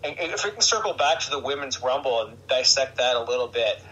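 A man hosting a podcast, chatting casually and excitably about wrestling and laughing often. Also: mid-range voice, fast talker, highs cut off. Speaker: podcast host. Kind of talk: casual chat.

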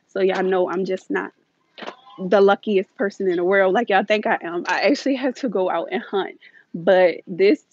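A woman vlogger chatting casually and a bit scattered while streaming live from inside a large store on her phone. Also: on the low side. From United States. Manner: chatty, scattered, laughs often. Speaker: shopping vlogger. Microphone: phone held while walking. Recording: dull, dry phone audio.

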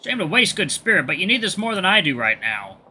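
A man's voice: sits high, sing-song, brisk, bright, forceful tone, a little hiss or hum, voice pushed up, heavily acted. A man voicing a cocky, teasing male possum patching up a friend in a game story. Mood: wry. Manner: teasing, flirty banter.

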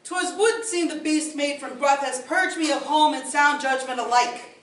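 A woman's voice: moderate pace, fairly bright tone, distant mic. A woman voicing a fussy, panicking little male pig who squeals his words, recorded from afar in an echoey hall. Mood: panicked. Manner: high squealing pleading.

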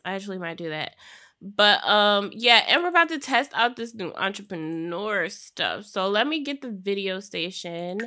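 A young woman talks through her life-sim game in a loose, chatty way, tossing in slangy asides and laughing often. Her voice is bright and forward. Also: medium pitch, very animated, moderate pace. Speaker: gaming streamer. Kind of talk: casual Sims gameplay commentary.

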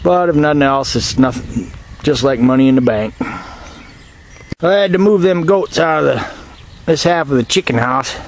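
An older man, chatting casually and roughly as he films his farm with a handheld camera. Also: mid-range voice, lively intonation, normal speed, pauses often, a little hiss or hum. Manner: folksy, rough-spoken, calls out to animals. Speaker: homesteader filming his farm. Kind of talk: casual chat. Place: outdoors and in a barn and chicken house.

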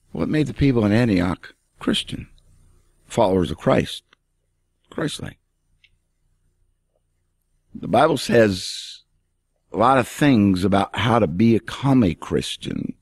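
A man's voice: lowish voice, a little mellow, no room sound. A male pastor preaching an emphatic radio sermon and speaking straight to the listener.

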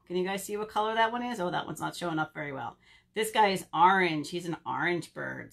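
A young woman leads a kids' storytime over a webcam. Her voice sits fairly high, with lively pitch swings. She talks in a playful, animated way and keeps asking the children questions. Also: moderate pace, gravelly. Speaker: children's librarian. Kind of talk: virtual storytime for kids. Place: home or library, on video.

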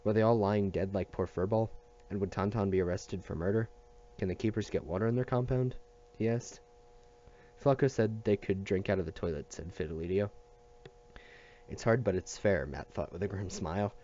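Low, dark-voiced man reading a novel. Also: normal speed, muffled recording. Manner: steady reading with small restarts and slips. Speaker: audiobook reader.

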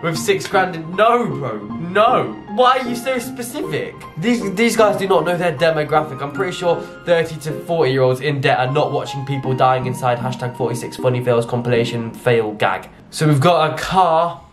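A man's voice: a little high, moderate pace, few pauses, music in the background. A young British man giving casual, jokey reaction commentary, with sudden exclamations. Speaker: YouTuber reacting to clips.

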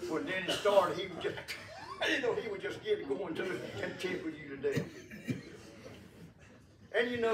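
A man giving a folksy funeral eulogy in a church, telling rambling stories and chuckling often, with many fillers. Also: on the high side. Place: church sanctuary. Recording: echoey room from a distant mic.

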